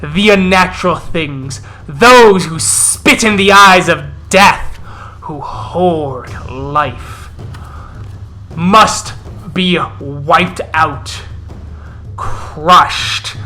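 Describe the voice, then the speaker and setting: A man's voice: a little high, extremely slow, bright, forceful tone, faint music behind, exaggerated voice. A man voicing a huge, growling male werewolf elder who bellows commanding speeches to his pack. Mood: rallying.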